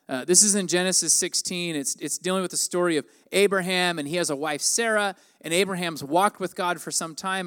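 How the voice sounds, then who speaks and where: A man in his forties gives a conversational sermon. His voice sits high for a man. He slips into the people of the story as he quotes them. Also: fairly bright tone, smooth. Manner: conversational, acts out quoted lines with raised pitch. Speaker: pastor.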